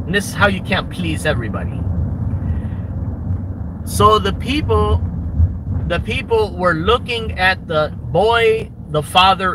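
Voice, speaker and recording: A man's voice: high-pitched, noisy background. A man telling a rambling parable to camera outdoors, repeating and restarting his phrases. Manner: rambling, repetitive, stammering restarts.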